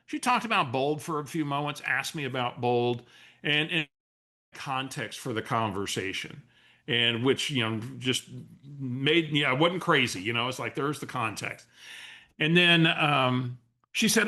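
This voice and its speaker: Bright-sounding guy coaching agents on a webinar, animated storyteller. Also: mid-range voice, unhurried. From San Antonio area, US. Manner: animated storyteller, often restarting phrases. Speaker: real estate coach. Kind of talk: webinar training talk.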